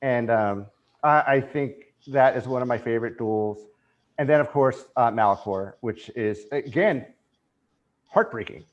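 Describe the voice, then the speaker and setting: Male podcast guest, mid-range voice, animated and emotional, gushing in casual chat. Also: mid-range voice, unhurried, lo-fi sound. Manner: emotional, excited fan, animated retelling.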